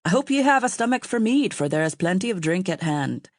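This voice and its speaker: A woman's voice: mid-range voice, sing-song, a little fast, no echo, clean studio sound. A woman voicing a tall bearded nobleman with a thick accent, grand and formal in his welcome.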